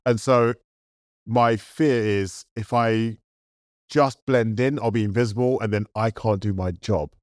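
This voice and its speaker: A man's voice: fairly low pitch, fairly even intonation, measured pace, darkish tone, dry recording, studio quality. A man in casual chat as a podcast co-host, reflective, picking up speed when he makes a point.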